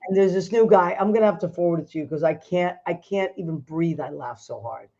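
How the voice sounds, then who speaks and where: A woman's voice: on the low side, a little fast. Chatty woman host on a muffled line. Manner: animated, laughs easily. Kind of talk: casual chat.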